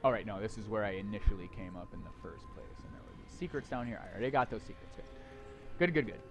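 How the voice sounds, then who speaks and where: A man's voice: fairly low pitch, lively intonation, quick pace. A young man giving casual let's play commentary, sarcastic and irreverent, swearing freely. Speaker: gameplay commentator.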